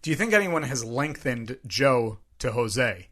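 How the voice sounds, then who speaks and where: A man's voice: medium pitch, animated, unhurried, fairly bright tone. Male co-host, casual and dry-witted, easy conversational pace. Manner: dry, joking asides. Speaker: podcast co-host. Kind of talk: casual chat.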